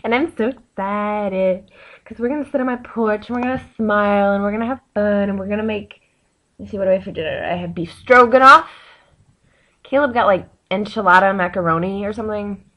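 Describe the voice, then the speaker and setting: Excitable rambling young woman vlogger. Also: medium pitch, fairly quick, lo-fi sound. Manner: rambling, excitable, chatty with fillers. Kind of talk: casual chat to camera.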